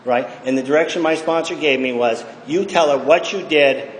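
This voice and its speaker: This middle-aged man's voice runs on the high side at a moderate pace as he delivers blunt, cursing personal testimony to a recovery meeting, emphatically checking in with "okay?" again and again. A little hiss or hum sits under the audio, recorded in an echoey hall with long reverb.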